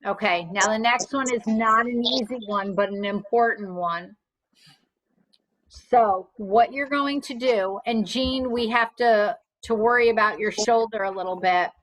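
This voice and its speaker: A woman teaching a fitness class, giving clear step-by-step cues with gentle reassurance. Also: a little high, a little slow, poor audio. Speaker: fitness instructor. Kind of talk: guided exercise class instruction.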